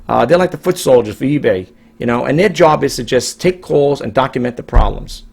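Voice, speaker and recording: A man's voice: mid-range voice, lively intonation, a little fast, creaky, darkish tone, breathy edge. A middle-aged man from New York, talking casually to his viewers in a rambling, emphatic way, repeating himself and restarting his sentences. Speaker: online reseller vlogger. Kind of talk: casual monologue to camera.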